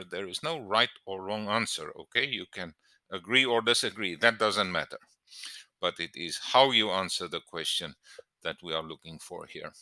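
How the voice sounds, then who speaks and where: A man's voice: low voice, pushed and bright, dry recording. A man tutoring on test technique, explaining points plainly and repeating them for emphasis. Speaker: IELTS tutor. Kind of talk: teaching to camera.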